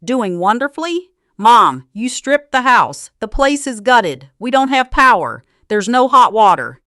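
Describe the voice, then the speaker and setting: Shrill, panicked young daughter in a storybook reading, put on by a woman narrator; loud and frantic, dry sound. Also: sing-song, a little slow, no room sound, full character voice. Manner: shrieking, frantic.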